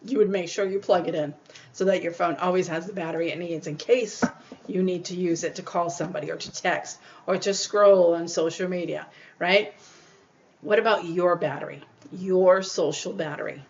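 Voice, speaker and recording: A woman's voice: fairly low pitch, moderate pace, darkish tone, lo-fi sound, a little hiss or hum. A woman hosting her own podcast, giving earnest, casual life advice and often acting out what other people say. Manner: earnest, repeats points, acts out quoted people. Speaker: podcast host.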